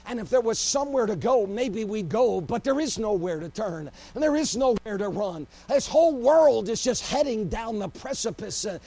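A man preaching a sermon with great passion, swinging between loud cries and hushed, low passages. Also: animated, moderate pace, hardly any pauses. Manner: impassioned, swings from shouting to hushed.

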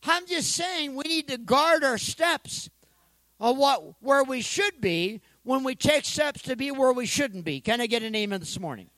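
A male pastor preaching an energetic sermon, calling for responses from the congregation and joking in between. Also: extremely high pitch, unhurried, no echo, low-quality recording. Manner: joking asides.

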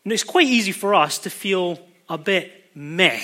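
A man's voice: high-pitched, animated, unhurried, pushed and bright. A man preaching a sermon, explaining a Bible passage emphatically and shifting his pace for stress.

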